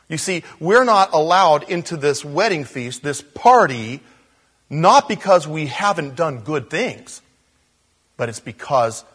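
A man preaching a sermon, shifting between soft hushed moments and loud, animated storytelling. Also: on the high side, slightly rough. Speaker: pastor.

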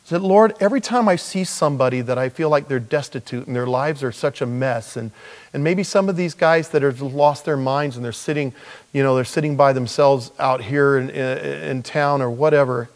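A middle-aged man preaching a sermon in a conversational storytelling manner, laughing now and then and going soft and low when he voices prayers. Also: moderate pace. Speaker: pastor.

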